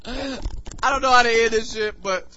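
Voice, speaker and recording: A man's voice: very high voice, moderate pace, noisy background. A man hosting a casual podcast, talking in a loose, joking, profane way. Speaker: podcast host. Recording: muffled recording with music behind.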